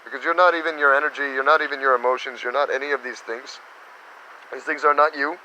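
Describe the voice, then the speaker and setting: A man teaching meditation in a casual spiritual talk, animated and slipping into little quoted voices. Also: medium pitch, fast talker, a little hiss or hum, low-quality recording.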